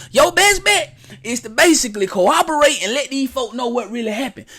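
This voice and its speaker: A man hosting a reaction vlog, talking in animated, slang-heavy casual commentary straight to his viewers. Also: very high-pitched, creaky. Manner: animated, repetitive, addresses viewers directly. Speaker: reaction channel host.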